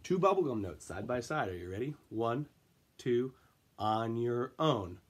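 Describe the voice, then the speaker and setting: Man, music teacher, husky voice, unhurried, coaxing, counts in young kids. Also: mid-range voice, animated. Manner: coaxing, counts in and chants rhythm syllables. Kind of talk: elementary music lesson.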